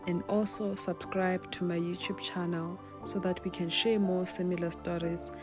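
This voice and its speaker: Woman narrating over music, low voice. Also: level tone, moderate pace. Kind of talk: scripted storytelling narration.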